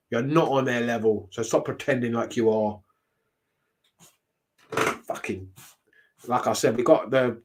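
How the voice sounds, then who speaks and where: A man, casually reacting to wrestling shows, blunt and ranting, swearing freely. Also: mid-range voice.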